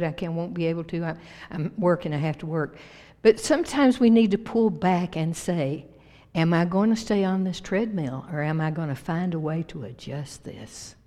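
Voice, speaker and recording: A woman's voice: on the low side, darkish tone. A woman pastor preaching a folksy sermon to her congregation, laughing often and leading them in call-and-response. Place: church sanctuary. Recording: long hall reverb.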